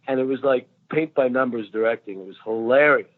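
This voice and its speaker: A man in his sixties, a guest actor, telling lively anecdotes in a casual chat and laughing often. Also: medium pitch, fairly quick, few pauses. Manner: animated storyteller, laughs often. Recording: tinny phone line.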